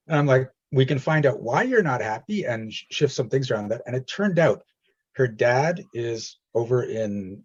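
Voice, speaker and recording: A man's voice: mid-range voice, breathy edge, dull audio. A man leading a coaching session, talking directly and reassuringly and acting out stories in quoted voices. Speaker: energy healing coach.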